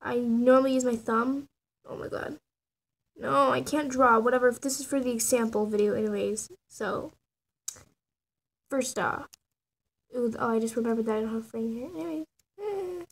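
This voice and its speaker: A woman's voice: fairly high pitch, moderate pace, gravelly, long pauses. A teenage girl casually narrating her animation process, rambling, laughing and mocking her own drawings. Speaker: channel owner showing her animation process. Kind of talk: casual self-mocking tutorial.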